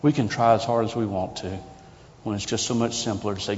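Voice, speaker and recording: A man's voice: fairly low pitch, steady tone, brisk, darkish tone, a little hiss or hum. A man preaching a sermon as a pastor, conversational and earnest, asking the congregation rhetorical questions. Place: church sanctuary. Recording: lo-fi recording in a reverberant sanctuary.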